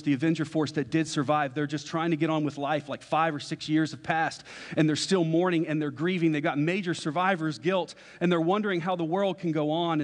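A young man preaches in a slightly high voice, telling a story in a loose, conversational way. His words ring out with a long reverb, as if he is in a large church hall. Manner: casual storytelling, acts out quoted dialogue. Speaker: pastor. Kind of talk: sermon illustration. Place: church sanctuary.

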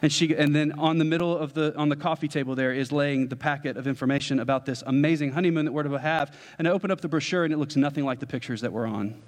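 Animated storytelling pastor, echoing hall. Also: male voice, on the high side, quick pace, few pauses. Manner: animated, joking, addresses the congregation. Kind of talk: storytelling sermon. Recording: long hall reverb.

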